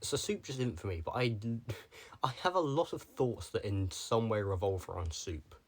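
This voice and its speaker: A man's voice: on the low side, very animated, normal speed, a little mellow. A young man talking casually to the camera, rambling from one tangent to the next with lots of filler words. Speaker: vlogger.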